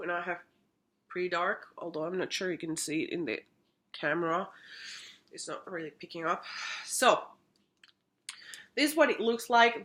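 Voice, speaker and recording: A woman's voice: on the low side, a bit bright. A woman giving a casual, chatty makeup product review at home, often doubling words for emphasis. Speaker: makeup vlogger. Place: home room.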